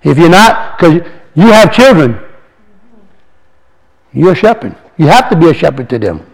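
Guy with a pretty high voice preaching to the church, reads verses out slow, keeps asking the room questions. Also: very animated, creaky, low-quality recording. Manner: earnest and exhorting, reads verses slowly, asks the audience questions. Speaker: lay speaker addressing a congregation. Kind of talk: informal sermon with scripture reading.

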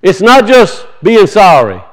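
A man's voice: high voice, very animated, unhurried, rough recording. A man preaching a sermon, teaching from scripture and emphatically asking and answering his own questions.

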